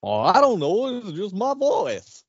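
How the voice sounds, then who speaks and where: A man's voice: sits high, wildly swooping pitch, a little slow, breathy edge, dry recording, dull audio, pitched above the performer's own voice, exaggerated voice. A man putting on a dopey, naive cartoon dog voice, goofy and drawn out.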